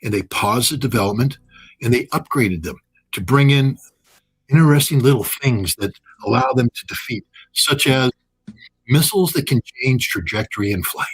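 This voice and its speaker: A man's voice: medium pitch, animated, normal speed, slightly rough. A man speaking as a guest analyst in an interview, blunt and sarcastic and often joking. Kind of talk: animated interview commentary.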